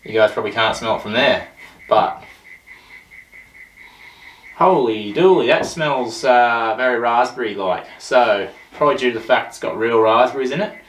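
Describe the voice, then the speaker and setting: A man's voice: medium pitch, normal speed, long pauses, fairly bright tone, far from the mic. A man hosting a casual beer tasting show, chatting in a rambling, jokey way. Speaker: host of a beer review show. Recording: roomy echo, voice off-mic.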